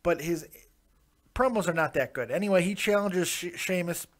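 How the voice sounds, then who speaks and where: A man's voice: high-pitched, moderate pace. A man hosting a wrestling review show, giving opinions in casual, chatty commentary with frequent restarts.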